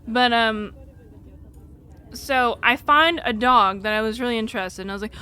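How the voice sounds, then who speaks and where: A young woman live streamer tells a personal story in a casual, rambling, candid way, sprinkling in "like" and casual swearing as she pauses to read chat. Her smooth, sharp-toned voice sits on the high side at a normal speed.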